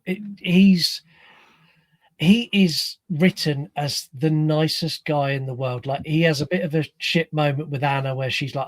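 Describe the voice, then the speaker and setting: A British man in his thirties, co-hosting a podcast, telling stories in a quick, chatty way. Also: fairly high pitch, no room sound. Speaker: podcast co-host. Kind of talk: casual film chat.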